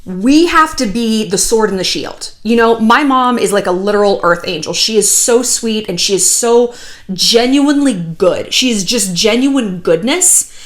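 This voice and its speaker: A woman in her thirties hosting a casual commentary vlog, chatty and animated with sarcastic asides. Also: on the high side, a little slow. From United States. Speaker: YouTube commentary host.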